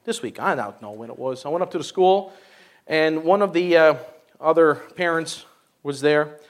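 High-voiced man preaching a folksy sermon. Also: moderate pace. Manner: chatty and exclaiming, leans on "you know". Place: church service.

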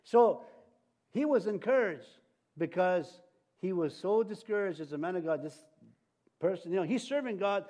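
A male preacher giving a sermon, halting and restarting often, with light jokes. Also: high-pitched, sing-song, mellow.

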